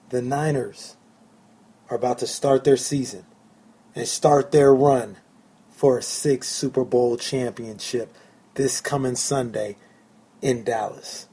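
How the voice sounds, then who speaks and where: Excited sports podcaster, a man. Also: mid-range voice, slow, pauses often, breathy edge. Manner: excited, emphatic, repeats phrases for effect. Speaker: podcast host. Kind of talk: solo sports fan podcast.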